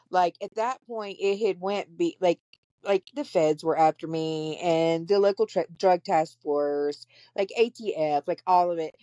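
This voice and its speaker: A woman's voice: on the low side, measured pace, warm tone, no room sound. A woman hosting a podcast, telling her story candidly and bluntly, with plenty of profanity. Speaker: podcast host. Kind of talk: casual storytelling chat.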